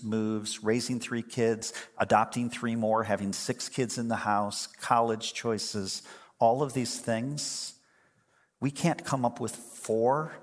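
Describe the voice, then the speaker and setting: Older male pastor, conversational and wry, preaching in a church with long hall reverb. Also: fairly low pitch. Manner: conversational, humorous storytelling. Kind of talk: sermon.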